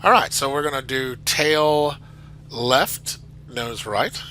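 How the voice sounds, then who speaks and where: A man's voice: medium pitch, slow pace, bright, forceful tone, slight background noise, low-quality recording. A man reviewing a flight simulator add-on in casual commentary, chatty and enthusiastic with rambling asides.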